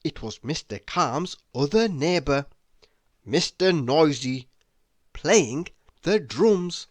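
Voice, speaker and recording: A man reading a children's picture book aloud in a slow, expressive storytelling voice. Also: on the high side, no room sound. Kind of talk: children's read-aloud narration.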